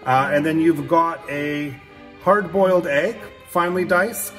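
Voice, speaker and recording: A man with a fairly high voice hosts a casual cooking demonstration. He chats along in a relaxed way, sprinkling in filler words as he goes. The sound bounces around an echoey room, with soft music underneath. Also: a little slow. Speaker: cooking channel host.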